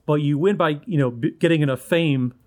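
A man co-hosting a podcast, giving relaxed, friendly advice. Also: a little high, a little fast. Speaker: podcast co-host. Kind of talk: casual chat.

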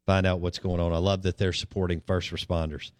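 Relaxed, rambling radio sports host, a man. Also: sits low, fairly quick, no echo. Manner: relaxed, rambling, frequent ums and uhs. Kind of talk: casual sports talk radio chat.

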